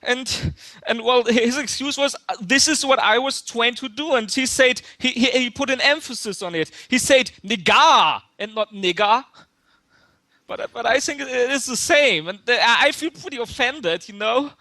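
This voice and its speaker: A man's voice: very high-pitched, normal speed, bright, forceful tone, no room sound. A man putting on a nervous young male student caller with a fake German accent, stammering and repeating his words. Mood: flustered. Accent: put-on German. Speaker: prank caller. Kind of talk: prank call-in.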